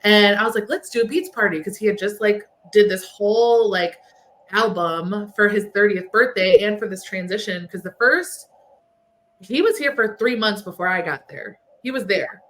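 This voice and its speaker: A woman's voice: medium pitch, moderate pace, a bit bright, slight background noise. A woman guest on a podcast, telling a long story in casual chat, full of "like" fillers. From Texas. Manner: chatty storyteller, lots of "like" fillers.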